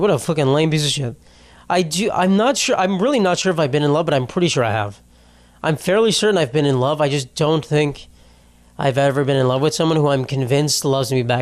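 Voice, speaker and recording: A young man hosting a podcast, talking casually in a rambling, self-deprecating way, swearing often and laughing mid-sentence. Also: on the high side. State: tearful after a loss. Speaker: podcast host. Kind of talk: casual solo podcast monologue.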